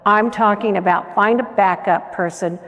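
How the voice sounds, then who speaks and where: A woman's voice: medium pitch, fairly even intonation, moderate pace, highs cut off. A woman giving a motivational conference talk, earnest and coaxing, often putting questions to the audience. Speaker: conference keynote speaker. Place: large conference hall. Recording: echoey conference hall.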